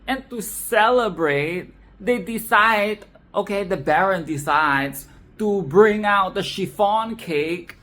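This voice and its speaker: A woman's voice: medium pitch, expressive, slow pace, a bit bright. A woman hosting a film commentary video, ranting in a profane, exasperated and sarcastic way. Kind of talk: casual solo film rant.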